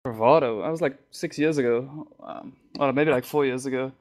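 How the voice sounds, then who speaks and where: A man from South Africa, a guest on a gaming podcast, talking in a relaxed, mumbly way with plenty of fillers. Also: medium pitch, normal speed. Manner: laid-back, mumbly, lots of fillers. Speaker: podcast guest, esports player. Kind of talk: casual interview chat.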